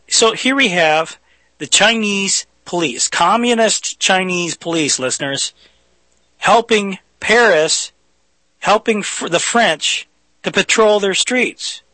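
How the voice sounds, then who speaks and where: A man's voice: on the high side, sharp tone, no room sound, poor audio. A man hosting a talk radio show, delivering a folksy opinionated monologue and speaking straight to his listeners. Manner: folksy, addresses listeners directly.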